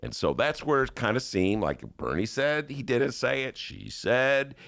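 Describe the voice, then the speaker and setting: Animated jokey male podcast host. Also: medium pitch, measured pace, creaky, dry recording, studio quality. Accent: Chicago. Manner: animated, jokey, hypes things up, does mock voices. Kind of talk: casual political talk show. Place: studio.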